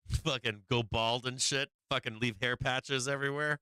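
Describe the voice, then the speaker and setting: A man hosting a live stock market stream, chatting casually with profanity, frequent laughter and sudden animated bursts. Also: medium pitch, a little slow, clear, resonant tone, dry recording. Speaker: stock market livestream host. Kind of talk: casual live trading commentary.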